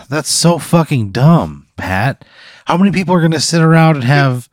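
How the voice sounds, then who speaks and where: A man's voice: a little high, animated, normal speed, no echo, studio quality. A man in improvised comedy banter, reacting with exasperated, profane disbelief. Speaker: comedy guest.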